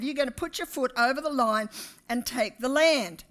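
Woman pastor, fairly high voice, fervent sermon delivery, calls out to the congregation. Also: normal speed. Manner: animated preaching, rising to loud emphasis, addressing the congregation. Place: church.

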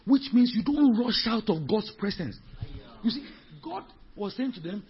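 A man preaching a sermon as pastor, emphatic and repetitive, dropping to low murmurs and rising to shouts, with rhetorical questions. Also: lively intonation, normal speed. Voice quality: very husky, raspy voice. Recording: dull lo-fi recording.

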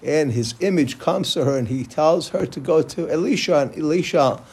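A man's voice: fairly high pitch, normal speed, a little mellow, breathy edge. A man giving a Torah class, casually retelling religious stories and mixing in Hebrew terms as he goes. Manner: loose storytelling with Hebrew terms and restarts. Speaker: Torah teacher.

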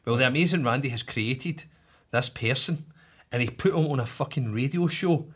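A man casually telling a story on a podcast, animated, cursing freely and checking in with his listener. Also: mid-range voice, moderate pace, husky.

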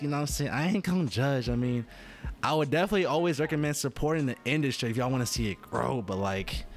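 A man talking casually to his viewers in a rambling, profane monologue that keeps interrupting itself. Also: fairly high pitch. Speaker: vlogger.

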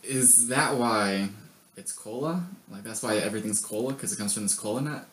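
A man's voice: lowish voice, normal speed, fairly bright tone, slight background noise. A young man co-hosting a podcast, reading history facts in casual chat with joking, rambling asides. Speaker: podcast co-host.

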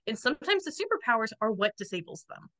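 Bright, chatty young woman podcaster. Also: on the high side, very animated. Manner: chatty, laughs often, quotes friends in quick asides. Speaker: podcast co-host. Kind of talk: casual chat.

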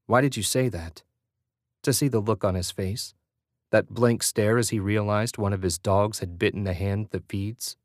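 Guy reading an audiobook, lowish voice, steady, super dry close mic. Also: moderate pace, dry recording. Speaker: audiobook narrator. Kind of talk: scripted narration.

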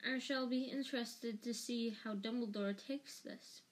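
A woman's voice: fairly high pitch, fairly even intonation, measured pace, lightly acted, rough recording. A woman voicing a cold, spiteful male schoolteacher in an audiobook reading, with a sneering, clipped delivery. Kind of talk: audiobook character voice.

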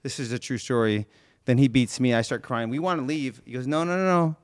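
A man's voice: medium pitch, brisk, dry recording, studio quality. A man telling a family story in playful casual chat on a podcast.

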